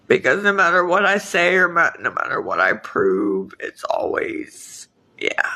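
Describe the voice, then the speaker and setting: A woman chatting on a live stream, reading viewers' comments and asking for donations, weary and sighing, with halting restarts. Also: fairly low pitch, expressive, bright, forceful tone, poor audio.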